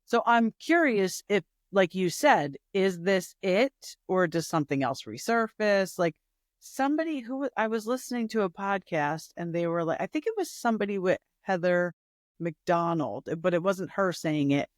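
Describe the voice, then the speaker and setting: A woman's voice: fairly low pitch, lively intonation, normal speed, no room sound, studio quality. A woman co-hosting a podcast who chats casually, rambling through asides and fillers. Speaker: podcast co-host. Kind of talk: casual chat.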